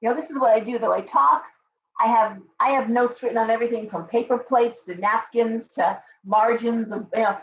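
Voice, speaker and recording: A woman's voice: a little high, fairly even intonation, a little fast, slight background noise. Outspoken woman tarot host, echoey stream. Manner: outspoken, profane, scolding. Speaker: tarot reader hosting a live stream. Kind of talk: blunt live-stream rant and tarot reading. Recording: echoey, dull live-stream audio.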